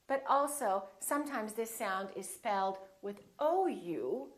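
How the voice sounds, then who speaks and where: Slow, deliberate American woman teacher. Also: a little high, expressive. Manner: slow and deliberate, demonstrating vowel sounds. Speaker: pronunciation teacher. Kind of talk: scripted pronunciation lesson.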